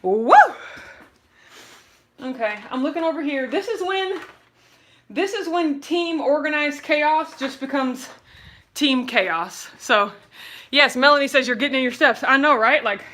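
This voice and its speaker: A young woman hosts a casual livestream from home, her voice high and bright. She chats in a bubbly, rambling way and reads viewer comments aloud, sounding a little winded. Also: moderate pace. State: out of breath. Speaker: livestream host. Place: at home, indoors.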